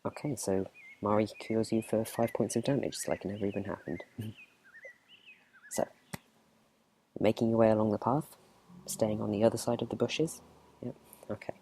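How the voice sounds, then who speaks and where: A man running a tabletop game as game master, narrating in a relaxed, chatty whispered role-play. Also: lowish voice, normal speed, pauses often, a little hiss or hum.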